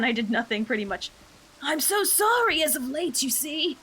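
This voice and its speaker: A woman's voice: high-pitched, big pitch swings, normal speed, a bit bright. A young woman streamer giving irreverent, joking commentary while playing a game. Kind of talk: casual live-stream commentary.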